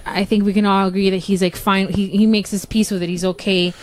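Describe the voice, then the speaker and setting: Woman guest, loose and rambling, mid-pitched, slight background hiss. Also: little pitch movement, fairly quick, a little mellow. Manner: rambling, many fillers, swears casually. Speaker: podcast guest. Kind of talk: casual chat.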